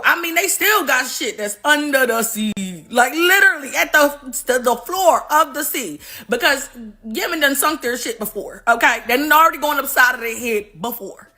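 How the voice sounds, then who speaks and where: High, bright-voiced profane woman streamer. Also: moderate pace. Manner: profane, animated storytelling. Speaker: live stream host. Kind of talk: casual live-stream commentary.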